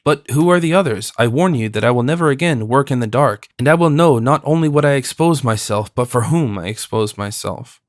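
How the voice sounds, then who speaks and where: A man voicing a cowardly, greedy fifty-year-old mercer in an audiobook, puffed up with pride and quick to panic. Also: mid-range voice, no echo, studio quality, close to an everyday voice. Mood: pompous. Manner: pompous, then nervous. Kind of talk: audiobook character voice.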